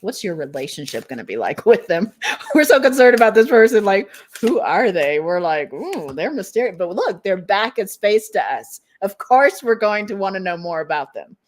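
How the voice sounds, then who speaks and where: A woman's voice: mid-range voice, sing-song, moderate pace. A woman giving a casual collective tarot reading, rambling, often laughing and trailing off while she searches for words. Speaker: tarot reader. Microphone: streaming setup.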